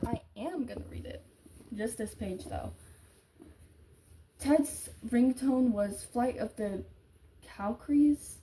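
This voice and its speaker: Give me a woman with a slightly high, warm voice reading a book aloud in a chatty, offhand way. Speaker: book reader.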